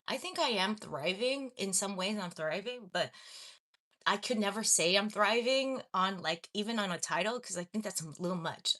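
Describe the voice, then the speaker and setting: A woman's voice: medium pitch, fairly bright tone. Chatty self-deprecating woman livestreamer. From Los Angeles. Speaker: livestream host. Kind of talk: casual live chat reading comments.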